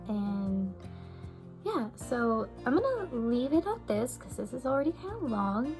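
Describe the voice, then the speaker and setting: Chatty young woman telling a story, fairly high. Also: big pitch swings, slow, over music. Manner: chatty, emotional, heavy use of "like" and "right?". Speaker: vlogger. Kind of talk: casual storytime vlog.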